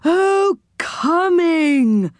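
A woman's voice: extremely high pitch, animated, drawn-out words, no room sound, pitched above the performer's own voice, full character voice. A woman voicing a deaf old man covered in saucepans, who mishears everything. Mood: puzzled.

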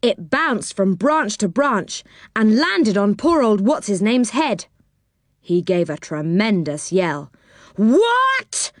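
Narrator: woman, animated storybook reading, dry close sound. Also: medium pitch, slow pace, dry recording. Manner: expressive, lively reading. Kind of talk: children's story read aloud.

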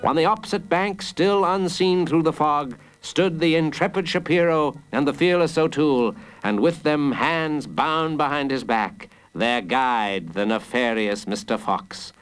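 A man reading a children's adventure story aloud in an expressive, dramatic way. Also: on the high side, measured pace, few pauses, clear, resonant tone, faint music behind, rough recording. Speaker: narrator.

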